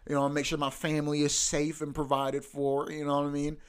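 A man's voice: on the high side, monotone, brisk, clear, resonant tone. A young man hosting a podcast in a casual, profane, ranting monologue that keeps coming back to "bro.". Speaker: podcast host.

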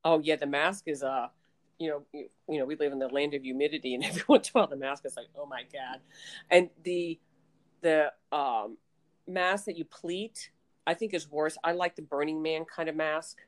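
A woman chatting casually as a podcast co-host, telling animated stories full of laughing asides. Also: low-pitched, normal speed. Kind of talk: casual chat.

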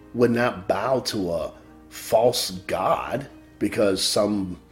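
A man preaching a sermon, repeating lines for emphasis and dropping to quiet stresses, with faint music behind. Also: on the low side. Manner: emphatic, repeats phrases, swings between loud stresses and quiet drops.

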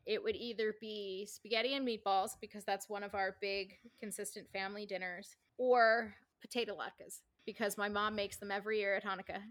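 A woman co-hosting a podcast in casual chat, animated and swearing, acting out silly voices. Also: medium pitch, brisk, few pauses, no room sound. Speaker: podcast co-host.

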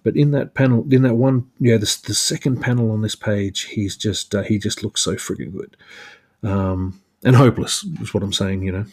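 A man's voice: fairly low pitch, fairly even intonation, normal speed, darkish tone. A man hosting a solo podcast, chatting casually about a comic book with lots of fillers and restarts. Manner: rambling, many fillers and restarts. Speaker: podcast host.

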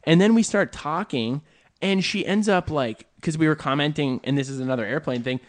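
A man co-hosting a podcast, telling stories in an animated, rambling way. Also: a little high, brisk. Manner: animated storytelling, lots of fillers. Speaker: podcast co-host. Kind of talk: casual podcast chat.

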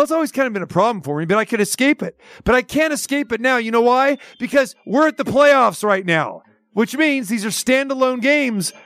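Exasperated high-voiced sports radio host. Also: male voice, gravelly, fairly bright tone, no echo. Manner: exasperated, sarcastic, rhetorical questions. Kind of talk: opinionated sports talk rant.

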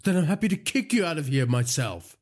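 A man's voice: a little high, very animated, a little fast, pitched above the performer's own voice. A man voicing a jittery frightened constable. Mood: tense, defensive. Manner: hesitant, panicky, defensive. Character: frightened, stammering male police constable. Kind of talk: audiobook character voice.

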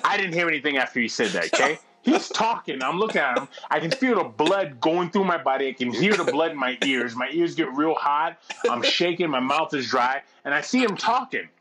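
A middle-aged man telling a long anecdote in casual chat, profane and animated, laughing as he goes. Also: a little high, brisk, few pauses, a crowd in the background.

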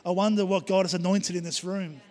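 Pastor preaching with fervour, ringing hall. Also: male voice, sits high, steady tone, brisk, darkish tone. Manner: enthusiastic, emphatic preaching with repeated phrases. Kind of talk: sermon. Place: church hall. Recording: long hall reverb.

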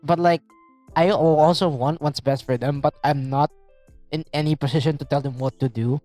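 A man's voice: on the high side, fairly even intonation, moderate pace, warm tone, no echo. Young male co-host, loose slangy delivery, dry close mic, faint music under. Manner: laid-back, slangy, thinks aloud with many fillers. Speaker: podcast co-host. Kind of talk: casual chat.

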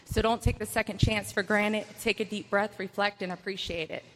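A woman's voice: medium pitch, fairly even intonation, fairly quick, a little hiss or hum. A woman reciting a spoken-word poem in a rhythmic, earnest cadence. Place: large hall, correctional facility. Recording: echoey hall.

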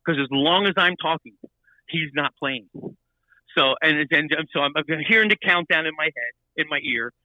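A man telling a story in casual chat, animated and full of restarts and repeated words. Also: on the high side, normal speed, no echo, poor audio.

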